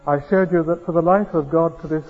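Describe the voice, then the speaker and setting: A man's voice: on the high side, fairly even intonation, brisk, slightly rough. A middle-aged man preaching a sermon in a conversational, storytelling manner with rising emphasis. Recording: dull lo-fi recording.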